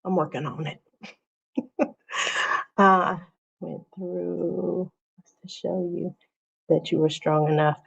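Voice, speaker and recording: A chatty woman talking casually to viewers on her own livestream, often saying things twice for emphasis. Her voice sits on the lower side, and the audio is a bit dull and lo-fi. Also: fairly even intonation, slow pace, vocal fry, long pauses, husky. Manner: chatty, repeats phrases for emphasis. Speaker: teacher and livestream host.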